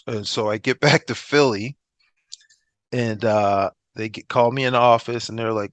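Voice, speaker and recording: A middle-aged man spins stories in a relaxed interview, jumping into the voices of the people he quotes. His voice sits in an ordinary middle pitch. The sound is close and dry, with no room around it. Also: normal speed, dry recording. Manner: animated storyteller who acts out quoted dialogue. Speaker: interview guest, former pro football player. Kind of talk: casual storytelling interview.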